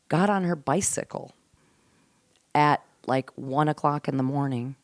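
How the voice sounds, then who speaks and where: Lively storytelling woman, low voice. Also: slow pace, no room sound. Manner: animated storyteller, drops to a hush for serious parts; laughs often, swears casually. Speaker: podcast guest, comedian. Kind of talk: casual storytelling chat. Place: host's home.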